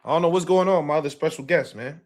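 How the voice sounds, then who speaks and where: High-voiced man hosting boxing talk. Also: fast. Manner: emphatic, repeats himself, slangy. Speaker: boxing talk show host. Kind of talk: casual livestream boxing commentary.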